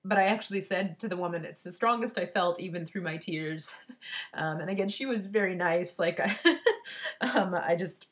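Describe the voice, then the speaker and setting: A woman telling a personal update to camera in a candid, earnest way, with halting restarts and fillers. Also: lowish voice. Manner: earnest and heartfelt. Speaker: vlogger giving a personal update. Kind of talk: emotional personal vlog.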